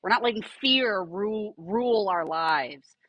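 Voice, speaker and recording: A middle-aged woman Pilates instructor, a podcast guest, telling client stories in an animated, emphatic and reassuring way. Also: mid-range voice, measured pace, highs cut off, a little hiss or hum. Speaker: Pilates instructor and studio owner.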